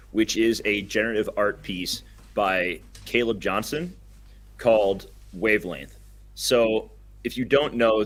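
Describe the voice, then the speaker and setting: Laid-back low-voiced young guy. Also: a bit bright. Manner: enthusiastic, rambling, laughs easily. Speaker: podcast co-host. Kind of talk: casual podcast chat.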